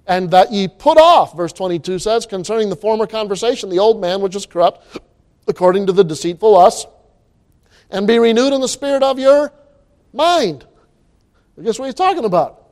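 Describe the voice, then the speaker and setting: A man preaching a sermon, animated and reading scripture aloud in old-fashioned wording. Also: high voice, normal speed. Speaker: pastor.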